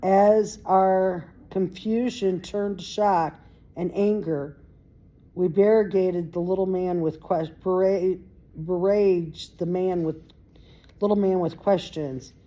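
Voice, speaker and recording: Amateur read-aloud, woman, low, mellow and very unhurried, trips over words and fixes them. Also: steady tone. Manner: unpolished read-aloud with stumbles and self-corrections. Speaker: reader. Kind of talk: reading a novel aloud.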